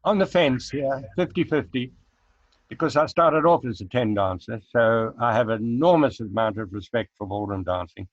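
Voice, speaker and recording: An older man from South Africa, a guest chatting casually in an interview, unhurried and reminiscing, with frequent hesitant fillers. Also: medium pitch, animated, dry recording. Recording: dull lo-fi recording.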